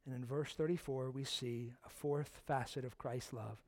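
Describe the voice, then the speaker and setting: A man preaching a sermon as pastor, impassioned, swinging from loud emphasis down to hushed near-whispers and putting direct questions to his listeners. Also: mid-range voice, fairly even intonation, normal speed, dry recording.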